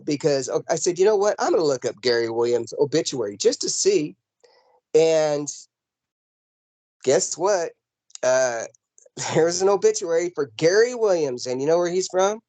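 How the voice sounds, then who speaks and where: A man telling a ghost story from his home over a video call, rambling and animated with lots of fillers and restarts. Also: fairly high pitch, dry recording. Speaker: paranormal investigator guest. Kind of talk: casual storytelling in an interview. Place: home in the mountains.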